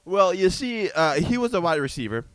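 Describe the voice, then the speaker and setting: A man co-hosting a podcast in casual banter, teasing with short deadpan quips. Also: high-pitched, moderate pace, clean tone, dry recording, faint music behind. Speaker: podcast co-host.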